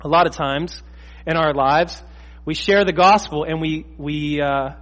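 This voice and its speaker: A man preaching in a church, his slightly higher voice carrying with a long reverb around the sanctuary. He is earnest and emphatic and hammers his points home by repeating them. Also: measured pace, a bit bright. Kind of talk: sermon.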